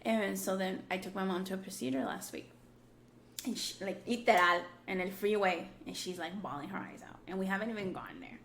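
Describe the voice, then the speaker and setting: A woman in her thirties co-hosting a podcast, telling stories in a relaxed way, mixing English and Spanish and saying "like" often. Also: mid-range voice, brisk. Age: 30s. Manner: relaxed storytelling, mixes English and Spanish, peppered with "like". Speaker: podcast co-host. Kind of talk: candid casual chat. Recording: echoey room with faint background noise.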